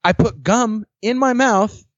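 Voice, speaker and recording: A young man, a podcast guest, telling his dating stories in casual chat, candid and quick to laugh, swearing freely. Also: sits high, a bit bright, no room sound. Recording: dry, dull lo-fi sound.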